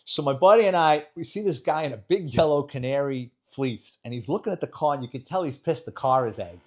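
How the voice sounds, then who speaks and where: A man's voice: a little high, a little fast. A middle-aged man, a retired police detective telling a blunt, profane war story as a podcast guest. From New York. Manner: animated, blunt, profane storyteller who acts out dialogue.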